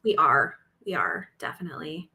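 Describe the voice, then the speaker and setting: A woman's voice: sits low, big pitch swings, moderate pace, pushed and bright. A woman in her forties co-hosting a live craft stream on a video call, chatty and giggly, often trailing off mid-sentence. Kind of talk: casual chat.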